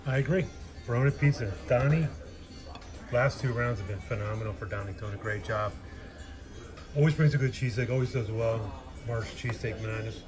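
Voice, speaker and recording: A man's voice: mid-range voice, fairly quick, long pauses, music in the background. A man hosting a casual food-review show, upbeat and joking, with announcer-style callouts.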